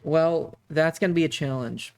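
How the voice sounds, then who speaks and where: A man running a tabletop game stream as game master, narrating with many halting fillers. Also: fairly high pitch, clean tone.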